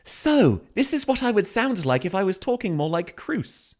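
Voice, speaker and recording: A woman's voice: mid-range voice, sing-song, normal speed, a little mellow. Playful woman joking around. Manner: playful, giggly, trying out voices. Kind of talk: casual chat on a stream.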